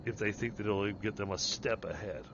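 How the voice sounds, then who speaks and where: A man chats casually while he plays, rambling, restarting sentences and poking fun at himself. His voice comes through a dull, lo-fi mic with steady noise behind it. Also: fairly low pitch, brisk. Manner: self-deprecating, rambling with restarts. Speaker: streamer and project manager. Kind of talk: casual chat while gaming.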